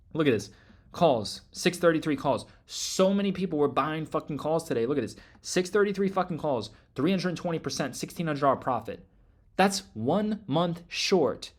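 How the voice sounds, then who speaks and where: A man hosting a trading group, delivering a hyped promotional rant, loud and emphatic, swearing constantly and repeating himself. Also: medium pitch.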